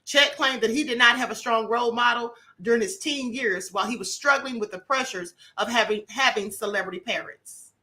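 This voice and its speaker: A woman with a high, bright voice hosts a casual commentary livestream. She talks in a chatty, emphatic way and keeps checking in with her listeners. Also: brisk, hardly any pauses. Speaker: live stream host. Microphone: computer mic on live stream.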